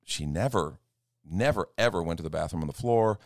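A pastor with a very low, deep voice chats in an earnest, storytelling way. He acts out little quoted exchanges as he goes, and the sound is dry and close. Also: lively intonation, brisk, no echo. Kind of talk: casual chat. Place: church.

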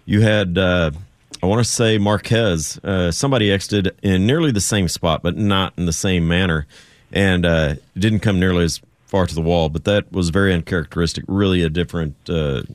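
A man co-hosting a motorsport radio show in an easygoing, measured way. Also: low voice, no echo. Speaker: co-host. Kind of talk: casual radio talk.

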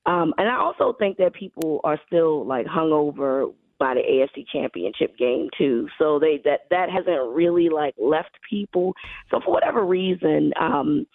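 Hoarse woman on a phone line. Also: low-pitched, moderate pace, no echo. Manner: relaxed, conversational, many fillers. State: hoarse from allergies. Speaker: guest football analyst. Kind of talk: casual radio chat.

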